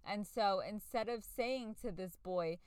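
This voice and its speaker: A woman's voice: medium pitch, measured pace, a little mellow, smooth, no room sound. A woman in her forties hosting a solo podcast, talking in a chatty, earnest way. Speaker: podcast host. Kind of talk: casual solo podcast talk.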